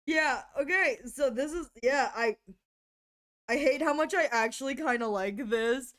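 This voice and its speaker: High-voiced giggly woman streamer. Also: unhurried, a bit bright. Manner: giggly, breaks into helpless laughter, talks to chat while drawing. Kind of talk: casual live art stream chat.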